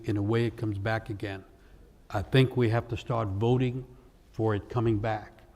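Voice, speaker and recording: A man's voice: medium pitch, darkish tone, long reverb tail. A man speaking in an earnest, reflective way.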